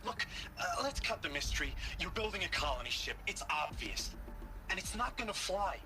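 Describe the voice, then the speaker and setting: A blunt, high-voiced man. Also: big pitch swings, moderate pace. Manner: blunt, matter-of-fact. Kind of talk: video game dialogue. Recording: distant game audio with music.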